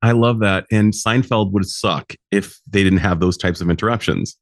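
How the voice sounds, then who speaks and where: A male podcast host responds to his guest with reflective, enthusiastic comments. His voice sits very low. The recording is close and dry. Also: normal speed, no room sound. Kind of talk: interview conversation.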